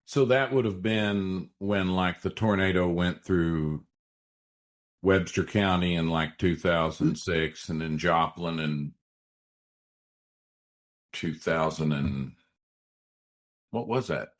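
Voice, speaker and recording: Casting: male podcast host, very deep voice, easygoing interviewer. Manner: relaxed, quick questions with short agreements. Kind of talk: casual interview.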